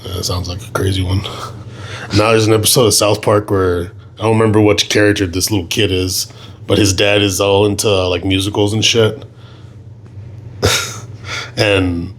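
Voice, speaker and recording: A young man co-hosting a podcast, chatting casually and telling animated, swear-heavy stories that get loud when he is indignant. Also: lowish voice. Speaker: podcast co-host. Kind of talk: casual chat.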